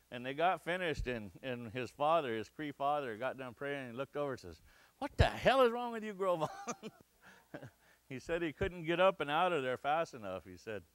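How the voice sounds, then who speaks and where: A middle-aged man from the Crow Nation in Montana tells a story to a lecture audience, acting out the shouts and the lines of the people in it. His voice is bright and crisp, with a smooth clarity. The sound is dry and close. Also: mid-range voice, no room sound. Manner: animated storyteller, acts out shouts and quotes. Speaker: guest lecturer. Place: lecture hall.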